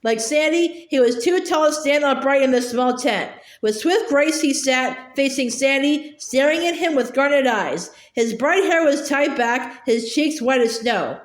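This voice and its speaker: A woman's voice: high-pitched, lively intonation, a little slow, hardly any pauses. Hesitant woman reader of a novel; roomy recording. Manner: hesitant, many fillers and restarts. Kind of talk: reading a novel aloud. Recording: echoey room.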